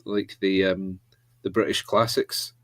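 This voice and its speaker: A man's voice: low voice, little pitch movement, a little slow, fairly bright tone, no echo. A man co-hosting a casual podcast chat, telling rambling anecdotes. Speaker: podcast co-host.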